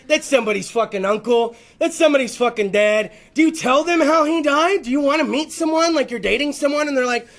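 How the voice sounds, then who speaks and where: A man's voice: extremely high pitch, fairly quick, fairly bright tone. A man hosting a podcast, ranting comedically, rambling and heavy with profanity. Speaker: podcast host. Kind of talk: comedic rant.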